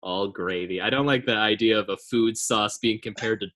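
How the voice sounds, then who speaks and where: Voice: mid-range voice, moderate pace, fairly bright tone. A podcast co-host in a casual film review chat, adding wry, jokey asides.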